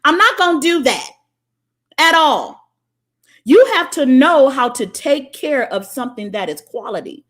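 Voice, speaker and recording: A woman, hosting a livestream monologue, preachy, emphatic and full of profanity. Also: fairly high pitch. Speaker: spiritual livestream host. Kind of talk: livestream monologue reading comments.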